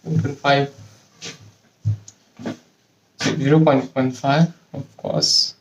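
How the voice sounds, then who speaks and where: A man's voice: mid-range voice, little pitch movement, takes it slowly, lo-fi sound. Young man muttering and swearing at his workbench. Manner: mutters to himself, swears in frustration. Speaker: hobbyist lab vlogger. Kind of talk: casual working commentary. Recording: echoey room, distant mic.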